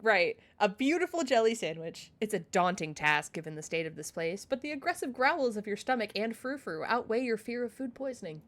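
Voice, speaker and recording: Giggly woman streamer, reads game narration then riffs on it, lively pitch. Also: a little fast, hardly any pauses. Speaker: let's-play streamer. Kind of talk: casual game playthrough, reading game text aloud.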